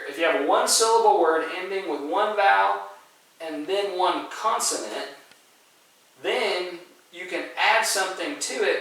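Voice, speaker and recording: A male teacher walks through a spelling lesson step by step, frequently checking in with "okay?" and "right?". His voice sits on the high side and comes across bright and forceful. He is recorded far from the mic in a very echoey room.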